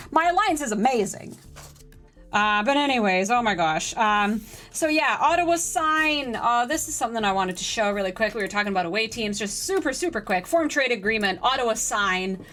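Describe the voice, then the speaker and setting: A woman live-streaming a game, chatting with her viewers and getting excitable during play. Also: high-pitched. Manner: chatty, excitable, talks to chat. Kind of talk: live-stream gaming chat.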